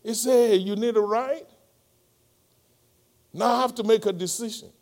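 A middle-aged man with a Nigerian accent preaches to his church. His voice sits high for a man and swings widely, bursting into loud emphatic lines, then sinking to soft, near-quiet storytelling. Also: normal speed. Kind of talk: sermon.

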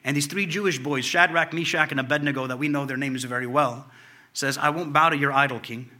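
Bright, fervent male preacher. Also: fairly high pitch, steady tone, a little fast. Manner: builds to fervent, raised delivery when retelling the story; informal, conversational preaching with fillers and restarts. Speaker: pastor. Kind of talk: sermon.

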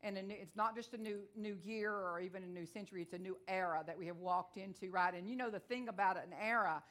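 A woman's voice: mid-range voice, fast. Fervent Texan woman preacher. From Texas. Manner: fervent, builds to loud declarations; storytelling, folksy. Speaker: guest preacher. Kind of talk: testimony sermon.

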